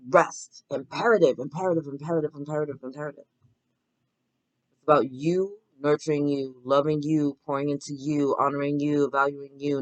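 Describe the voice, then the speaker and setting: A woman's voice: low voice, no echo. A woman hosting an oracle card reading, giving an emphatic, casual spiritual pep talk. She repeats affirmations, keeps asking "right?", swears casually and calls her listeners "baby". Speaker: oracle card reader and host.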